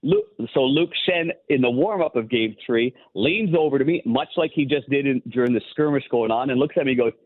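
A man's voice: medium pitch, lively intonation, brisk, few pauses. A former goalie turned hockey analyst, a man, calling in and telling rambling anecdotes full of restarts. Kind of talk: casual phone-in interview. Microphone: phone. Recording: tinny phone line.

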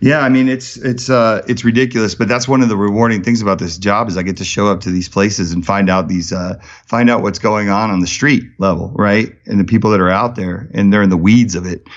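A man's voice: fairly low pitch, steady tone, brisk, few pauses, muffled recording. A man talking as a podcast guest, telling stories with energy and many restarts. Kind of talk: casual interview talk.

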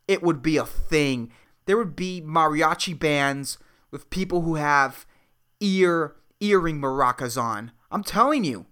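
Man, podcast host, solo rant, lively up-and-down pitch, profane, rambling. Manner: ranting, profane, rambling with many fillers.

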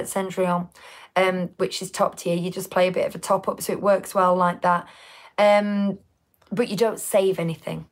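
Chatty woman co-hosting. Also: mid-range voice. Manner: chatty, rambling with restarts. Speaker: podcast co-host. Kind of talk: casual live-stream chat.

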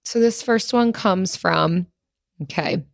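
A woman's voice: lowish voice, slow pace, gravelly, dry recording, clean studio sound. A woman co-hosting a podcast, chatting casually and reading listener reviews in an upbeat way. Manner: upbeat, stumbles over names and laughs it off. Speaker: podcast co-host.

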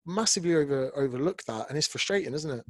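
A man hosting a casual podcast chat, blunt and animated, swearing freely as he talks about his work. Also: fairly high pitch, quick pace, no echo. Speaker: podcast host, fitness coach and author.

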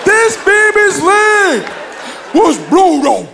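A man voicing an elderly grandmother who shouts in a drawn-out preaching cadence to protect her grown son. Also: extremely high pitch, sing-song, vocal fry, crowd noise, background noise, pitched above the performer's own voice, full character voice. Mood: indignant shouting.

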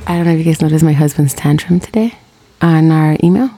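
A woman's voice: low-pitched, quick pace, dark tone, slightly rough. A woman in her thirties, co-hosting a casual podcast and rambling through a story, acting out both sides. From Latin American heritage. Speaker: podcast co-host. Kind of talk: casual chat.

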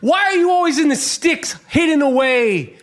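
A middle-aged man hosting a podcast, ranting profanely and bursting into shouts. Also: very high-pitched, lively intonation, moderate pace. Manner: swears heavily and shouts in bursts. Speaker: podcast host. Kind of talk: profane, animated podcast rant.

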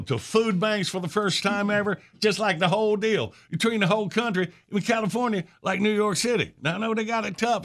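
A man's voice: sits high, fairly bright tone. A man hosting a morning radio show, rambling and opinionated, peppering his talk with "all right.".

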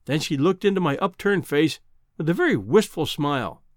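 Expressive male audiobook narrator. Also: fairly high pitch, no room sound, studio quality. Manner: measured, old-fashioned literary reading. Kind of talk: scripted narration.

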